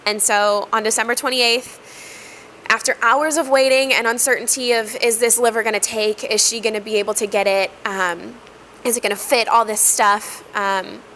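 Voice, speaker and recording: A woman sharing a personal testimony in an earnest, reflective way, with frequent pauses and fillers. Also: fairly high pitch, fairly even intonation, fairly bright tone, slight background noise, low-quality recording. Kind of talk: heartfelt personal storytelling.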